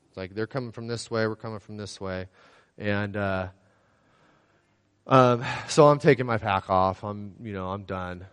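A man's voice: lowish voice, moderate pace, clear, resonant tone. A young man sharing a casual personal faith testimony, rambling and storytelling with many fillers. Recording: long hall reverb.

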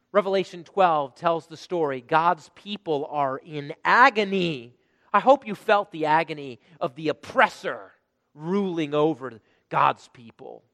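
A man's voice: high voice, lively intonation, measured pace, fairly bright tone, in a large hall. A pastor preaching a sermon to his congregation with dynamic delivery, asking them rhetorical questions.

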